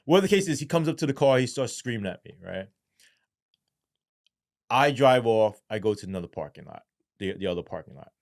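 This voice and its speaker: A man's voice: big pitch swings, a little mellow, dry recording, studio quality. Blunt, profane man telling his story. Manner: blunt and heavy on profanity, with casual slang; drops into a low, halting voice when speaking of despair. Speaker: guest, former police sergeant. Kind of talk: candid storytelling in an interview.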